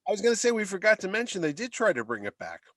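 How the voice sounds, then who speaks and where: Animated rambling man, dry close sound. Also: high voice, racing, no room sound. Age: middle-aged. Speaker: podcast co-host. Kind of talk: casual chat.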